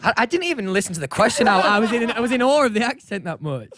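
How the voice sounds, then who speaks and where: A man's voice: high voice, very animated, quick pace, fairly bright tone. A British man chatting as a guest in a radio studio, easygoing and hesitant, often restarting his sentences. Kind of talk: casual interview chat.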